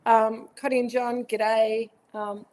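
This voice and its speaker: An Australian winemaker hosts a live virtual tasting from home, chatting casually with lots of fillers and greeting viewers by name. Her voice is a little high, slow, and darkish, with little pitch movement.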